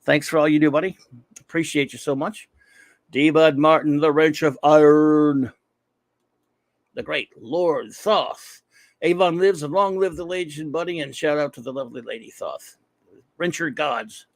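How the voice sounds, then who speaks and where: A man hosts his livestream with loud, energetic shout-outs. His voice sits a little high and has a gravelly edge. The sound is dry and close. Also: a little slow, dry recording. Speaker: livestream host. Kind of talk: casual livestream chat.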